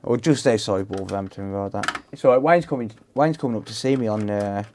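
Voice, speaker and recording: A man's voice: on the low side, brisk, a little mellow, a little hiss or hum. A man with a Black Country accent chatting casually to his live-stream viewers while repairing electronics, laughing often and addressing chatters by name. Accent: Black Country English. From England. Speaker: livestream host.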